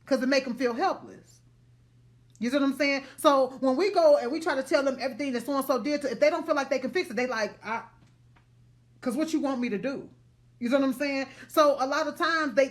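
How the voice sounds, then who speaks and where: A woman's voice: high voice, quick pace. A woman giving emphatic relationship advice to the camera, often checking that her listeners follow.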